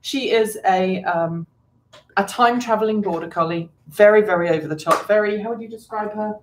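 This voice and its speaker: A woman's voice: mid-range voice, brisk, slight background noise. Chatty British woman in a roomy room. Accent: British English. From Britain. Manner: rambling, self-deprecating, chuckles often. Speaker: co-host of an electric car show. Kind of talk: casual livestream chat. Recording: roomy echo.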